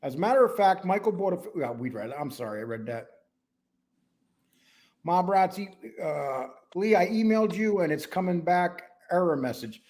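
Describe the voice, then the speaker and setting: New york guy w a bit of wisconsin in his voice, rambly talky podcast host, slightly high voice. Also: animated, moderate pace, a little mellow. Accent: New York mixed with Wisconsin. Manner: rambling, talkative, jumps between topics. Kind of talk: casual podcast chat.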